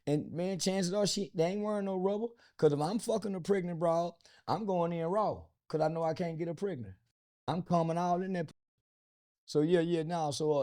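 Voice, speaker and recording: A man's voice: on the high side, dark tone. A man from the United States, an interview guest, talking bluntly and crudely with lots of fillers and restarts. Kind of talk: casual interview talk.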